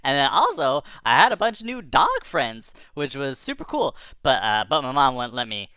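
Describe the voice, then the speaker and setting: A woman telling a kids' tall tale in the first person, lively and rambling, with playful sound effects. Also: rumbling low, moderate pace, clear, resonant tone, no echo. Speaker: storyteller.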